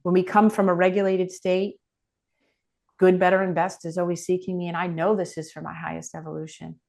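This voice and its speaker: A woman's voice: fairly low pitch, gravelly. A middle-aged woman speaking as a guest on a podcast interview, earnest and reflective.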